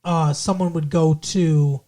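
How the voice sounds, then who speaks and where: A man's voice: on the high side, fairly even intonation, slow, mellow. A man co-hosting a podcast, recapping a TV episode in loose, profane, rambling casual chat. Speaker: podcast co-host.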